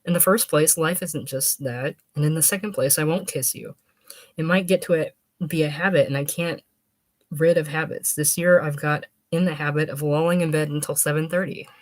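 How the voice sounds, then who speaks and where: A woman's voice: low-pitched, fairly even intonation, moderate pace, no echo, close to an everyday voice. A woman reading aloud, voicing a stiff, earnest young male scholar who lectures precisely. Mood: prim. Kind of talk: audiobook reading.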